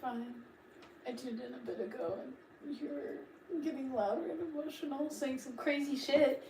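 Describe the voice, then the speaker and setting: A woman chatting quietly and gently with a friend during his livestream. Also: high voice, moderate pace, recorded from a distance, slight background noise. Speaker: friend checking in. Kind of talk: casual chat. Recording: echoey room, off-mic.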